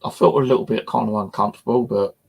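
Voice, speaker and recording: A fast-talking Englishman with a medium-pitched, gravelly voice, a little mellow and breathy at the edges, relates a ghost encounter of his own. The paranormal investigator and channel host rambles, swearing and leaning on "you know."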